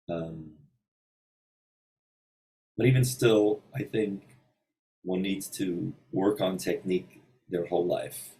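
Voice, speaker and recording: A man giving an informal singing lesson in a hotel room, thinking aloud with many pauses and breaking into short sung examples. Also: deep voice, gravelly, darkish tone, recorded from a distance, rough recording. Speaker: voice teacher.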